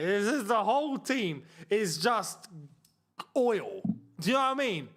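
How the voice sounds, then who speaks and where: Excitable young man hosting a watchalong. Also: sits high, measured pace. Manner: excitable, shouting at goals, banter with chat. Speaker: football watchalong host. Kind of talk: live football watchalong commentary.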